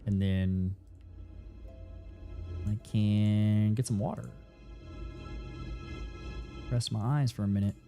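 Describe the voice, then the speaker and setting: A man's voice: fairly low pitch, slow, vocal fry, long pauses, dark tone, soft background music. A man chatting casually while streaming a game, rambling and swearing freely, his throat dry. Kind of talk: casual gameplay commentary. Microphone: studio desk mic.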